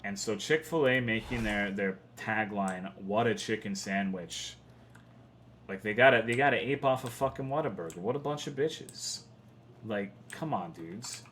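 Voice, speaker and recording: A young male streamer from Texas talks through a video game in a loose, rambling way, swearing freely as he gets frustrated. His voice sits on the low side. Faint keyboard typing sounds under his talk in a home setup. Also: moderate pace, fairly bright tone, slight background noise. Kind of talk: casual livestream commentary.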